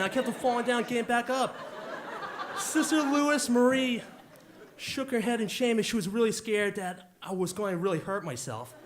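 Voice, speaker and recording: A man's voice: extremely high pitch, a little hiss or hum. A man in his forties telling a jokey, punchy story live on stage into a handheld mic.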